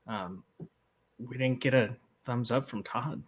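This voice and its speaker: A man co-hosting a casual podcast, speaking haltingly and mock-earnestly with lots of ums. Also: mid-range voice, breathy edge. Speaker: podcast co-host.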